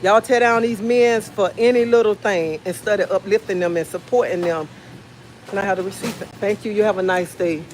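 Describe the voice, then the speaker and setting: Speaking at a brisk pace with a medium, slightly mellow voice, a woman in her forties live-streams from her car. Her talk is casual and emphatic, repeating phrases for stress. The phone recording is low quality, with a little hiss or hum.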